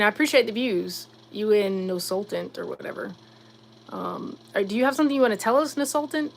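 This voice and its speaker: A woman's voice: medium pitch, gravelly, a little hiss or hum. A woman from Virginia hosting a casual livestream, musing reflectively and answering viewers' comments directly. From Virginia, USA. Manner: reflective, talks straight to chat, quick asides and fillers. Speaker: livestream host.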